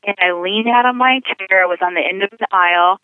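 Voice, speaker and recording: Speaking fairly quickly in a mid-range voice, a guest calls in by phone to share her testimony. She tells her life story earnestly and vividly, acting out quotes. The line is tinny and dry, without echo.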